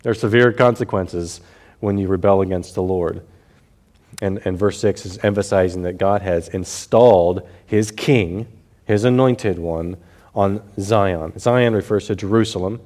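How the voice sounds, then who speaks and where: A man teaching through a Bible passage verse by verse, explaining it carefully, repeating key phrases for emphasis and reading scripture slowly. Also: low-pitched, darkish tone.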